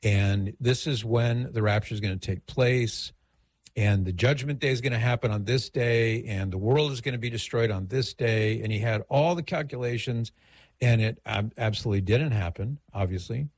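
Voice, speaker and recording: A man's voice: mid-range voice, moderate pace, no echo. A middle-aged man hosting a radio call-in show, giving advice in a conversational, digressive way.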